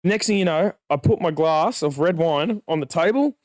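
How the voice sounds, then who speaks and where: A man's voice: a little high, expressive, normal speed, dry recording, studio quality. A young man, a podcast co-host, telling a long story in casual chat, acting out the dialogue and swearing freely.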